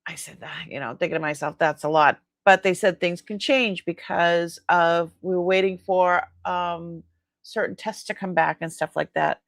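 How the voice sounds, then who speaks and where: Hosting a live-sale stream, this woman tells chatty stories, laughs a lot, and acts out snippets of dialogue. Her voice is lowish with a steady tone and moderate pace, captured as clean studio sound with no room sound.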